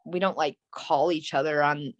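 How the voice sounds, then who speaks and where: A woman's voice: low-pitched, fairly even intonation, moderate pace, dry recording, lo-fi sound. A woman in her thirties, an interview guest, candidly telling a personal story in a rambling, earnest way, full of "like" and "you know". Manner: earnest and emotional.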